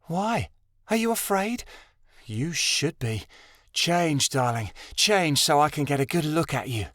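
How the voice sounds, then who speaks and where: A man narrating an audiobook, voicing a seductive shape-shifting female monster in a soft, teasing, higher voice. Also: lively intonation, unhurried, no echo, studio quality. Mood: menacing. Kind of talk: audiobook character voice.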